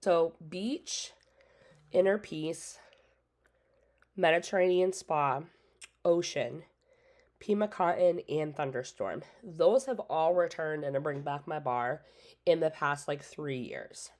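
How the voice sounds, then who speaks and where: Low-voiced chatty woman reviewing scents. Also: takes it slowly, long pauses, darkish tone. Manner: chatty, opinionated, lots of "like" and "so". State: talking around a cough drop in her mouth. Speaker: independent scent consultant and channel host. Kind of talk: casual catalog walkthrough.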